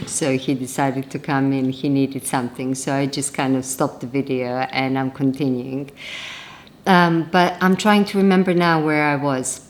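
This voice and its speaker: Low-voiced woman chatting to camera. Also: slight background noise. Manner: chatty, rambling with restarts. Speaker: vlogger. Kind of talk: casual chat to camera. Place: home.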